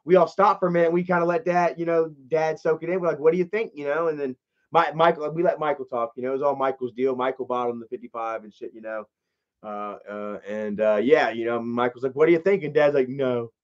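A high-voiced man hosts a lo-fi live stream, chatting casually and reading comments. He's a rambling storyteller who swears freely and shouts when acting out a scene.

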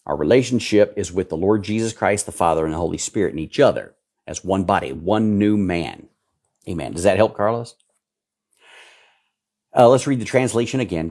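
A male pastor preaching fervently and answering viewer questions, swinging between low mutters and loud outbursts.

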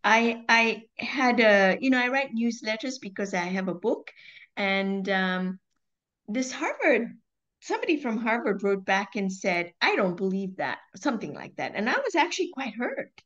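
A woman who hosts and writes books, talking in a lively, animated way and laughing often as she acts out her own thoughts. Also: on the high side, normal speed, lo-fi sound. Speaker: author and show host. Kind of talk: conversational interview.

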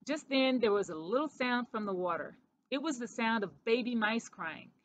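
Woman story reader for kids, expressive, slightly high voice, lo-fi home recording. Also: moderate pace, slight background noise. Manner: expressive, animated character voices. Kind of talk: storybook read-aloud.

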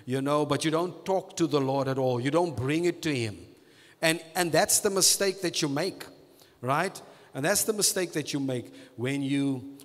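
A male pastor delivers a sermon in a deliberate, unhurried way, stretching key words and circling back over the same phrases. His voice sits fairly high for a man. The sound carries a long reverb tail, as from a large hall.

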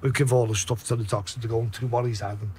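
A man with a Liverpool accent telling a story in a casual way, swearing a lot and acting out his own shouts. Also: mid-range voice, fairly even intonation, rapid-fire, slight background noise. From Liverpool, England.

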